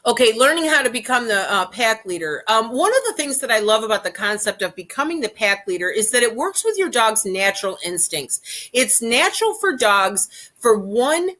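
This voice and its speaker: A woman with a bright, fairly high voice explains how to handle a dog on walks. She talks in a loose, chatty way, says key phrases twice and keeps asking "okay?" as she goes. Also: very animated, moderate pace. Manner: chatty, repeats points, often tags "okay?". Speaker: dog training presenter. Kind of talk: informal instructional talk.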